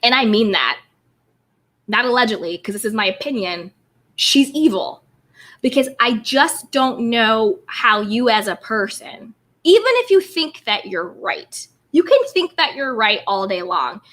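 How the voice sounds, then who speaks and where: A woman's voice: on the high side, animated, unhurried, fairly bright tone. A young adult woman hosting a casual live-stream commentary, chatty and emphatic, greeting viewers by name and reading their comments.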